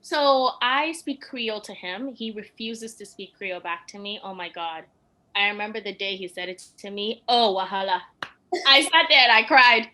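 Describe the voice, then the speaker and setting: A woman's voice: medium pitch, normal speed, pushed and bright, poor audio. A young woman and podcast guest telling personal stories in casual chat, emotional and laughing often.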